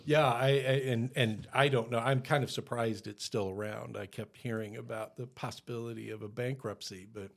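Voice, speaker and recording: A man co-hosting a podcast, ranting in exasperated, animated bursts, swearing casually and restarting his sentences. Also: mid-range voice, normal speed, vocal fry, few pauses. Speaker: podcast co-host. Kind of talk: casual chat.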